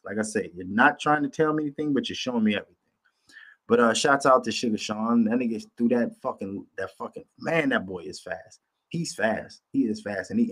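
A man's voice: on the low side, fairly bright tone, breathy edge. Profane, emphatic man ranting. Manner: profane, emphatic, repeats himself. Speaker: podcast host. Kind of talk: casual podcast rant.

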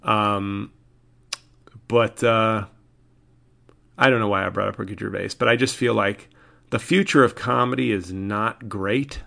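A man's voice: on the low side, steady tone, measured pace, creaky, long pauses, bright, forceful tone. A man, a comedian, talking alone in a rambling, exasperated way, restarting sentences often. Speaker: podcast host and comedian. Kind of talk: casual solo monologue.

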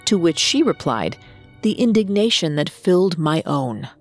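A woman with a fairly low voice narrates a true-crime story from a script. She speaks in a measured way, leaning on dramatic pauses, with faint music underneath. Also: sing-song. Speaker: podcast co-host narrator.

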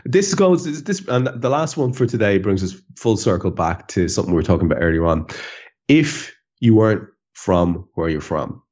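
An Irish man hosting a casual podcast chat, relaxed, stumbling over and repeating words. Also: fairly low pitch, normal speed, muffled recording. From Ireland. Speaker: podcast host.

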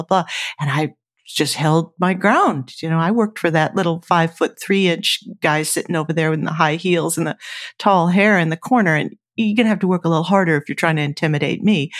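Interview guest: woman, lowish voice, animated storyteller, dry close sound. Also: moderate pace, no echo. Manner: lively anecdotal storytelling with quoted voices. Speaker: guest, former studio engineer and scientist.

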